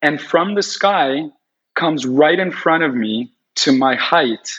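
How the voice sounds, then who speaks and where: A man telling a long personal story in an animated, rambling way, full of "like" fillers. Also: on the high side, slow pace, slightly rough. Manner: rambling, heavy use of "like" fillers. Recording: dull lo-fi recording.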